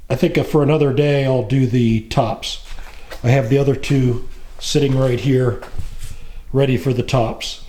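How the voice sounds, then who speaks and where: A middle-aged man narrating his woodworking project in a casual, plain-spoken way, pausing often with fillers. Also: mid-range voice, dark tone. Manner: slow, plain-spoken, with frequent pauses and fillers. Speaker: woodworking channel host.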